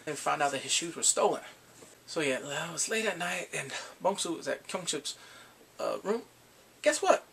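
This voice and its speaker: A young man giving a casual, excitable recap of a drama, often laughing and acting out what the characters say. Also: on the high side, normal speed, creaky, slight background noise. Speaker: drama reviewer.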